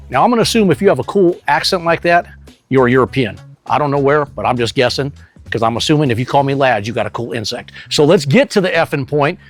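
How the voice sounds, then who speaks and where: A man hosting a pest control channel, giving an energetic, salesy product demonstration straight to the viewer. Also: on the high side. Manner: energetic, salesy, direct to camera.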